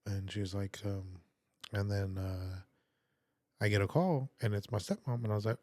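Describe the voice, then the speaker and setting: A man's voice: fairly low pitch, fast talker, warm tone, no echo, studio quality. A man from Texas telling a personal testimony as a podcast guest. He rambles earnestly and fills the story with "like" and reenacted quotes. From San Antonio, Texas.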